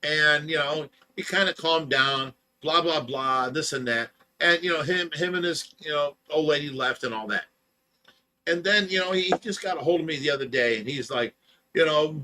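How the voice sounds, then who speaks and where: A man's voice: a little high, normal speed, pushed and bright. A man hosting a livestream, casually telling a long story, rambling with lots of "you know" and "blah blah," and getting heated as he retells an argument. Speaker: livestream host.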